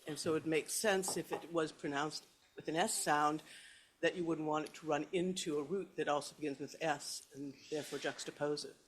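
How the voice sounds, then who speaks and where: A man's voice: a little high, fairly bright tone, a little hiss or hum. A man in a study class who offers a tentative, hedging thought about pronunciation. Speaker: class participant. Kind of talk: asking a question in class.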